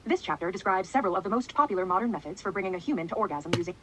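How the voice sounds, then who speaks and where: A woman with a husky voice narrating an audiobook in the first person. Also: mid-range voice, animated, rapid-fire, slight background noise, rough recording.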